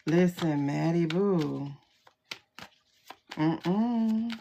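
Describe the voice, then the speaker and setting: A woman's voice: mid-range voice, expressive, measured pace, long pauses, a little hiss or hum. A woman hosting a casual livestream tarot reading, chatty and full of exclamations, greeting viewers by name as she talks into a phone. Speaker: tarot reader livestream host.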